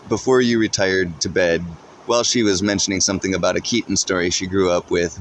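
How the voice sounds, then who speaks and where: A man narrates a second-person story in a steady, even read. His voice sits low, and a faint hum of ambience sits behind him.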